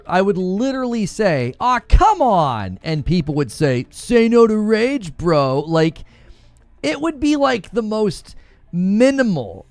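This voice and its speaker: Animated man chatting on a livestream. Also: sits high, no room sound. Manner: jokey, laughs often, reads chat aloud. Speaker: livestream host. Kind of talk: casual livestream chat.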